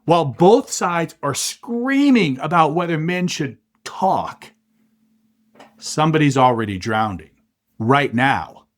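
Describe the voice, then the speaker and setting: Middle-aged male host, impassioned commentary, lively swooping delivery, emphatic rhetorical beats. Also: fairly high pitch. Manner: emphatic, punchy rhetorical delivery with dramatic pauses. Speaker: podcast host.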